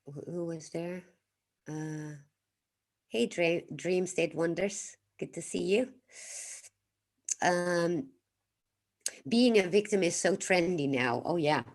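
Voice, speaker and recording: A woman from the Netherlands with a Dutch accent, hosting a casual livestream, reflective and unhurried, pausing to greet and thank viewers in the chat. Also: fairly low pitch. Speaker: livestream host.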